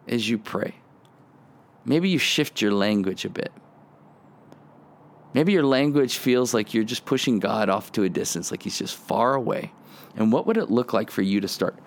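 A gravelly, medium-pitched voice moves at a measured pace as this podcast host teaches the Psalms with animation. He stays earnest and conversational, occasionally performing prayers as quoted lines.

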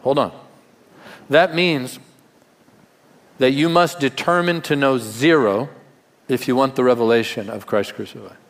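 A man's voice: mid-range voice, measured pace, long pauses, in a large hall. A male pastor giving a sermon in a conversational way, with rhetorical questions and humor.

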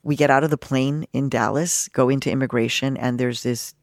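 Fifties woman from Mexico, journalist guest, expressive and lively, dry close recording. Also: rumbling low, a little fast, no echo. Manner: animated, expressive, acts out quotes. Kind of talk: personal storytelling in an interview.

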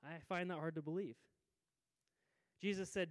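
Male pastor, thirties, relaxed conversational sermon with restarts, slightly higher voice, lingering hall reverb. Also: normal speed. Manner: conversational, self-deprecating, frequent restarts. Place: church sanctuary.

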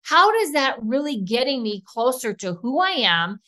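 A woman co-hosting a podcast, talking fast and enthusiastically in a casual chat. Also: sits high, big pitch swings, bright, forceful tone. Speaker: podcast co-host.

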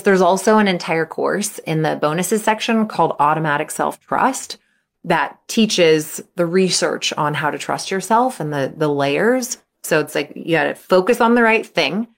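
A woman coach in casual podcast talk, chatty with lots of filler words, jumping into high excited bursts when she acts out what people say. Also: gravelly. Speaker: mental skills coach for young athletes.

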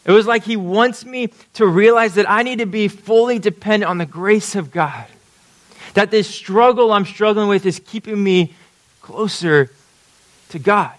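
A man's voice: high voice, measured pace. A man preaching a sermon, talking conversationally and checking in with his listeners. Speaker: pastor.

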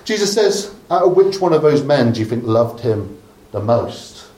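A man's voice: mid-range voice, sing-song, normal speed. A man from Dorset, preaching a sermon by retelling a story in a chatty way with humorous asides. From Dorset, England. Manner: conversational storytelling, humorous asides, softening to a hush at the close. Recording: echoey room.

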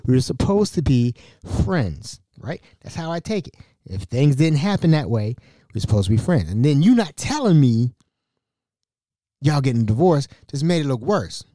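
A podcast host in his forties telling a personal story in an animated way, often stammering and repeating himself. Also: mid-range voice, moderate pace, no room sound, studio quality. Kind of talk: storytelling monologue.

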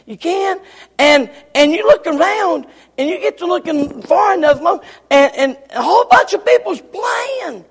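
A man preaching a sermon with passion, repeating his phrases and breaking into shouts. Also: very high voice, gravelly. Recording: long reverb of a large hall.

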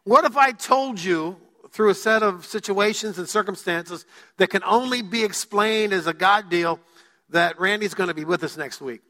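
A male pastor preaching a sermon in a church, joking with the congregation and using dramatic pauses. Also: sits high, pushed and bright. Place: church sanctuary. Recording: long hall reverb.

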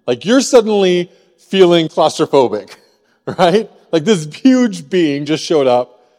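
A man from Missouri preaching a sermon as pastor, in a conversational way, often asking the room a quick "right?". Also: a little high, sing-song, darkish tone, long reverb tail. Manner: conversational, frequent rhetorical "right?". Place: church sanctuary.

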